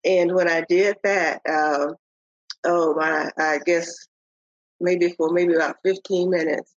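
Older woman telling a halting testimony. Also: on the low side, fairly even intonation, no echo. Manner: halting, with many pauses and restarts. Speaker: podcast guest. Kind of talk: telling a personal faith testimony. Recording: dull, lo-fi audio.

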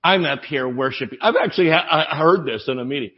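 Animated Southern preacher, joking. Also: male voice, a little high, fast talker, few pauses, dull audio. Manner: animated storytelling, laughs often. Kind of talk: humorous sermon.

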